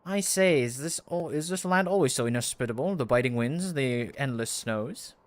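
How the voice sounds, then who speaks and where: A man voicing a pompous, theatrical gentleman inspector with grandiose old-fashioned speech. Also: mid-range voice, expressive, moderate pace, natural voice.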